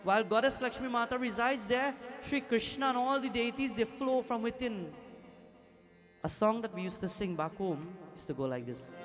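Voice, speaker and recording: Male pundit, storytelling sermon delivery, higher register, music bed behind. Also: lively intonation, moderate pace. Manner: storytelling, acts out quoted voices, breaks into devotional song. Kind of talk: Hindu temple sermon. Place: temple hall during a festival night.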